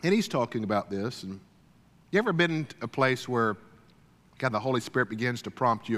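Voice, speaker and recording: A middle-aged man gives a folksy, storytelling sermon, often clearing his throat and restarting his sentences. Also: mid-range voice, expressive, a little fast, fairly bright tone. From Deep South, USA. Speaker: speaker at a church gathering. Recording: long hall reverb.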